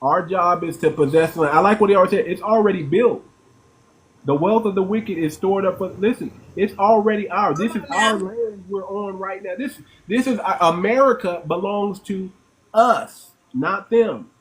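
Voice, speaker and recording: A man's voice: high voice, moderate pace, poor audio. A man in casual discussion, speaking in a preachy, insistent way and repeating phrases.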